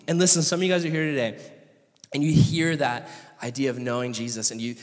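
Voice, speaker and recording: A man's voice: mid-range voice, steady tone, fairly quick, long pauses. A man from California, a pastor giving a passionate, conversational sermon and asking the audience questions. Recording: long reverb of a hall.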